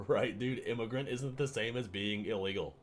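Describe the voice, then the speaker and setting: A man's voice: lowish voice, normal speed, soft background music. A man reacting to news clips on a stream, scornful and crude, laughing and swearing. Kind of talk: profane reaction commentary.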